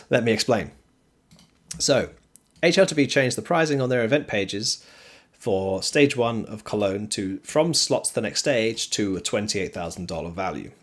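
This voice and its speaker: Low-voiced man explaining esports rankings. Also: a little slow. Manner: explanatory, steady, frequent ums. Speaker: streamer host. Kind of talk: casual esports commentary.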